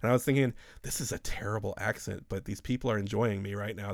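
A man in his thirties talks through long, profane, rambling stories in a relaxed podcast chat. His voice sits a little low, and the close mic gives it a dry sound with no room echo. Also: fast, vocal fry. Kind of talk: casual chat.

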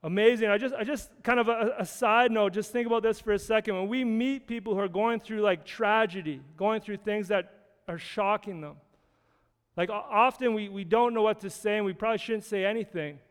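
High-voiced earnest male preacher. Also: brisk, smooth, in a large hall. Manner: conversational, earnest, with frequent restarts and scripture readings. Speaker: pastor. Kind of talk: sermon.

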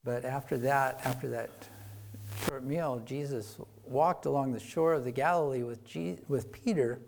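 A man preaching a sermon, retelling a Bible story in a conversational way. He gets louder for emphasis and then drops soft and quiet. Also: medium pitch, steady tone, normal speed, gravelly, slight background noise.

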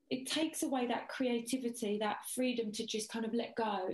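A woman guest, pitched a bit high, telling stories with animated ease and casual swearing. Her voice rings in a roomy, echoey space. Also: a little fast, few pauses. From Essex, England. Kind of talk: casual chat. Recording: echoey room.

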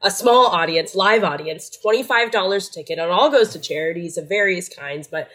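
A woman's voice: fairly low pitch, normal speed, fairly bright tone, poor audio. Jokey woman guest in a home studio. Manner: jokey, playful, self-mocking. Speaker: podcast guest. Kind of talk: casual chat.

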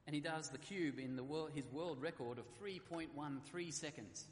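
A pastor with a slightly high voice preaches a sermon at a normal speed, earnestly reading scripture aloud and stressing key words. The recording sounds like an echoey hall with faint ambience.

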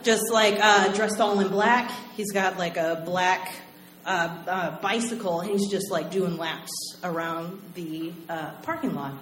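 A woman from Oklahoma telling a personal story to a live audience, animated and acting out voices. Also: lowish voice, unhurried. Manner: animated, acts out voices and laughs. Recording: roomy live venue, faint noise.

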